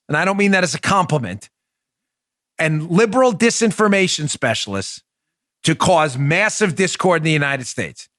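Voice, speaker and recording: A man's voice: fairly bright tone, no room sound. A man hosting a political commentary show, combative and mocking, talking emphatically into a close studio mic. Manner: does a high silly impression voice in bursts. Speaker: host.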